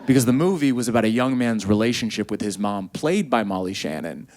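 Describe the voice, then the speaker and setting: Animated stand-up comedian, a man. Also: a little fast. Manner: animated storytelling, acts out quotes in high voices. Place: comedy stage before a live audience.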